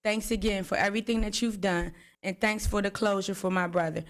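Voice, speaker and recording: A woman's voice: medium pitch, steady tone, brisk. A woman, the victim's sister, giving grateful thanks and introducing her family at a press conference.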